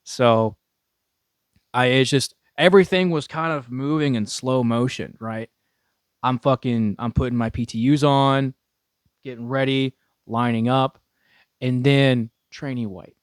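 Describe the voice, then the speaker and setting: A man's voice: mid-range voice, measured pace, clean tone, no echo, clean studio sound. A young man casually telling a story, swearing freely and laughing often between his words. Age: young adult. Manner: profane, laughing often, restarts a lot.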